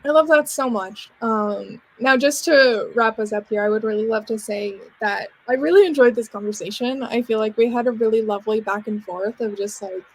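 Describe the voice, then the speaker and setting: A podcast host from Canada in casual conversation with a guest. Her voice sits a little on the high side, and she talks in loose, chatty rambles broken up by frequent laughter. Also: normal speed, few pauses, breathy edge. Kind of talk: casual interview chat.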